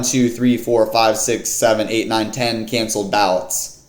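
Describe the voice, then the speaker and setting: A man talking through fight picks in a loose, slangy way, full of fillers and asides. His voice sits at an ordinary middle pitch. The room around him is echoey. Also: steady tone, slow pace, a little mellow. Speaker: MMA fight picks vlogger. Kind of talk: casual fight card breakdown.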